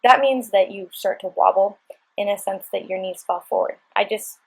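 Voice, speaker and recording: Breathy-voiced woman talking you through a workout, chatty and upbeat, pushing you to keep going. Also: mid-range voice, normal speed, low-quality recording. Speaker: fitness instructor. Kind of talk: workout instruction voice-over.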